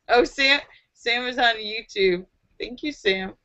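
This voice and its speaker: A woman's voice: fairly high pitch, sharp tone, dull audio. A woman hosting a casual live stream, reading out viewers' jokes and laughing at them. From United States. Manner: giggly, laughs at her own jokes.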